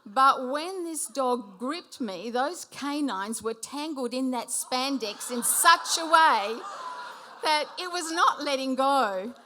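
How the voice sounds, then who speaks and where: A woman in her late fifties telling a funny personal story on stage to a live audience, animated and often laughing as she speaks. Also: high-pitched, takes it slowly, a little hiss or hum. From Sicilian heritage. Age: 50s. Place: hall before a live audience.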